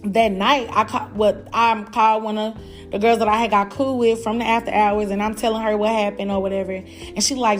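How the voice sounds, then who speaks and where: A young woman hosting a podcast, telling a personal story in a blunt, animated, profane way and talking straight to her listeners. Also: mid-range voice, fairly quick, soft background music. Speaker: podcast host. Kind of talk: casual storytelling.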